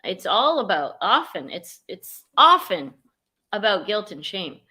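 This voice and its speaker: A woman's voice: mid-range voice, very animated, unhurried, pushed and bright. A woman, a life coach and guest, speaking frankly and emphatically over a video call. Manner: frank, emphatic, says "run" as advice. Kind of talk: casual video-call chat.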